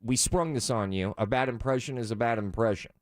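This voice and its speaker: A man's voice: mid-range voice, fairly quick, dry recording. Playful man hosting, dry sound. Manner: playful, mock-formal interviewer. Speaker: host. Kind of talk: comedy radio banter.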